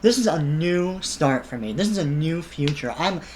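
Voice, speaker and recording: Whiny middle-aged man begging, mocking tone, as a commentator puts him on, lively pitch. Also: normal speed, a little hiss or hum, close to an everyday voice. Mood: mocking whine. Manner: mocking, whining.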